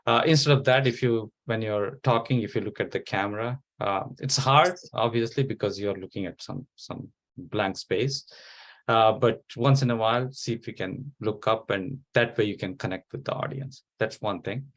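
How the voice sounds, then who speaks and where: A man giving halting feedback as a debate judge over a video call. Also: on the low side. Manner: halting, hesitant. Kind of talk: spoken feedback.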